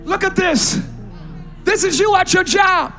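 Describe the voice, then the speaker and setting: A male pastor preaching a lively, playful sermon in a large church, often shouting to the congregation. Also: extremely high pitch, measured pace, faint music behind, a faint crowd.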